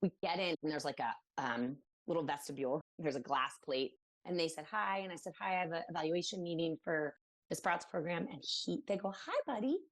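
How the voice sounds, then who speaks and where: This woman from Maryland, USA, has a low voice and a brisk delivery. As a podcast guest in a relaxed interview, she shares a personal story with plenty of fillers, animatedly imitating the voices of people she quotes.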